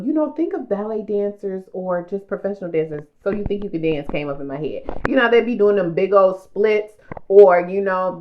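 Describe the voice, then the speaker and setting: A woman's voice: mid-range voice, highs cut off, a little hiss or hum. A woman giving a pick-a-card tarot reading to her viewers, speaking emotionally and repeating herself as she talks to them directly. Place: home room.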